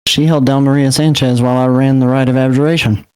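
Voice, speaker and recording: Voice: mid-range voice, level tone, quick pace, a little mellow, clear, resonant tone. A tabletop player speaking in character in a casual, defensive, insistent way.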